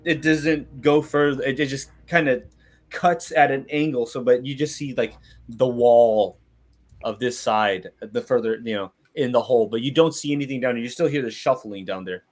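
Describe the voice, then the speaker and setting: A man narrating a tabletop game as its game master, in a halting way full of restarts. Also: medium pitch.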